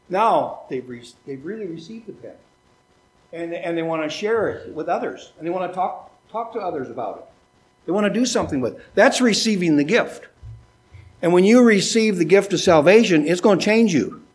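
Folksy preacher acting out dialogues. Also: male voice, lively intonation, moderate pace, husky. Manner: folksy, acts out dialogues with changing pitch. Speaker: pastor. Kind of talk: sermon. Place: church sanctuary.

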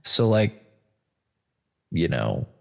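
A man's voice: deep voice, very animated, extremely slow, gravelly. A man hosting a casual screen-share chat, loose, stoned and a bit profane as he walks through search results. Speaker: host.

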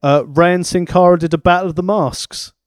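A man's voice: high voice, steady tone, fairly quick, clear, resonant tone, no room sound. Dry-voiced man recapping. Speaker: podcast co-host. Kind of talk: casual wrestling recap chat.

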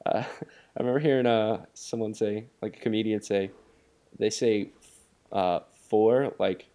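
A man's voice: lowish voice, measured pace, pauses often, dark tone. A young man co-hosting a podcast, laid-back and joking in casual chat. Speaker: podcast co-host.

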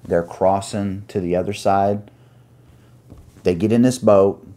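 A man preaching an earnest sermon, pausing to find his place and reading scripture aloud. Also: low-pitched, fairly even intonation, warm tone. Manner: earnest, reads scripture aloud with pauses while finding pages.

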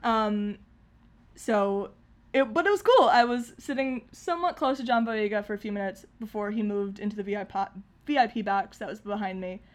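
A woman's voice: mid-range voice, moderate pace. A young woman chatting casually as a podcast co-host, sounding nervous, rambling with fillers and restarts and laughing often. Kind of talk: casual chat.

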